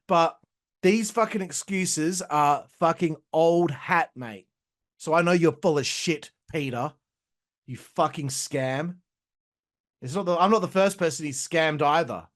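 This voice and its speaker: A young man hosting a casual wrestling review, his voice sitting a bit high. He talks in a swearing, animated rant. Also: measured pace. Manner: profane, ranting, animated. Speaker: host.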